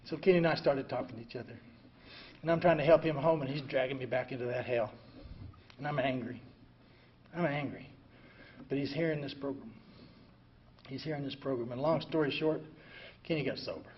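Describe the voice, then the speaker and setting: An older man telling his own recovery story in an emotional way, going from hushed to loud. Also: mid-range voice, a little fast, pauses often. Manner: emotional, swings from quiet to loud and laughing. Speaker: veteran speaker sharing a recovery story. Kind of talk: personal storytelling talk. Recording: dull lo-fi recording, faint ambient noise.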